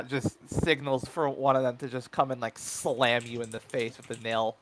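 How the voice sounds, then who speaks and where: A man's voice: mid-range voice, steady tone, moderate pace, few pauses, slight background noise, low-quality recording. A man running a tabletop game as game master, narrating the action in a rambling way full of fillers.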